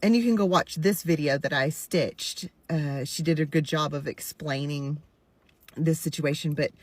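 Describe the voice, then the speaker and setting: Woman, 40s, candid vlog commentary, slightly low voice, dry close sound, earnest and emphatic. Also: normal speed, no room sound. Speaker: content creator stitching a video.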